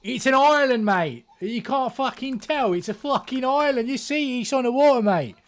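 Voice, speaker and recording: A man doing a loud, profane British bloke with a heavy put-on accent while gaming on stream. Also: very high voice, animated, moderate pace, a little hiss or hum, voice pushed up. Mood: exasperated. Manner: shouting, profane, exaggerated.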